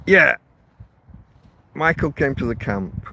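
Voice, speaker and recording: A man's voice: on the high side, animated, a little slow, dry recording. A man rambling casually to his viewers, recorded outdoors in a windy field on a phone. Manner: rambling, self-correcting, chatty. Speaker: vlogger living rough in a field camp. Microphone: phone held in portrait mode. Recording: wind and faint outdoor noise on a phone.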